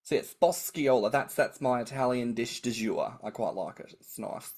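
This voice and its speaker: An Australian man co-hosting a podcast, chatting casually and telling animated stories, acting out quoted voices and swearing freely. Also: mid-range voice, normal speed, breathy edge. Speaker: podcast co-host. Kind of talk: casual chat.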